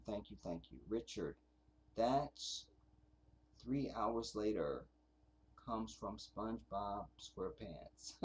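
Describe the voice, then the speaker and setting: A man hosting a casual livestream, rambling and swearing as he reads out viewer comments. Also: fairly low pitch. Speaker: livestream host.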